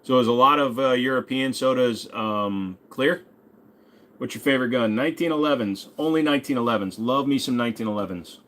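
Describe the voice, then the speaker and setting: Here the voice is medium-pitched, brisk and a little bright: a man in his forties running a casual livestream. Viewer questions get read out and met with loose, joking replies peppered with some swearing.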